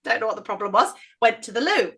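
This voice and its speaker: Outspoken, animated northern English woman. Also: on the high side, quick pace. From northern England. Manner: outspoken, animated, acts out quoted voices. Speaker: guest. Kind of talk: casual interview storytelling.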